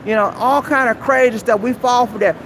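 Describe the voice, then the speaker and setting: A man's voice: extremely high pitch, fairly even intonation, brisk, fairly bright tone, a little hiss or hum. A man hosting a live stream outdoors at a mall, giving preachy, exhorting advice and calling the listener "man". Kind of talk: motivational advice rant. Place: outdoors at a busy shopping mall.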